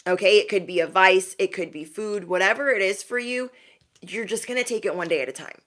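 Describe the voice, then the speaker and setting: A young adult woman giving a spiritual reading to her viewers in a chatty style, calling them bestie and acting out quick asides. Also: medium pitch, a bit bright. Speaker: intuitive reader.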